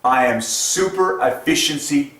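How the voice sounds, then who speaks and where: A man's voice: fairly high pitch, a little slow, fairly bright tone. A man hosting his channel, ranting enthusiastically in a casual monologue and laughing often. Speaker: channel host. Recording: roomy echo, distant from mic, faint noise.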